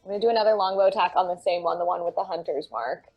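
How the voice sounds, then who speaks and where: A woman playing a tabletop game, excitable and blunt, swearing as she makes her attacks. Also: lowish voice, racing, highs cut off, faint music behind. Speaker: player. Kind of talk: casual tabletop play.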